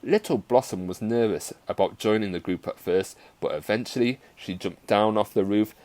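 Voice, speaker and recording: A male teacher reading a story aloud to his class in a playful, expressive way. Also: on the low side, normal speed.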